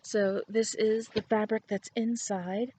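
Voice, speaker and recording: A woman's voice: mid-range voice, flat delivery, slow pace, mellow, slight background noise. Woman podcast host, casual chatty delivery, wanders between thoughts, laughs easily, recording at home. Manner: chatty, rambling, laughs often. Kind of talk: casual chat to camera.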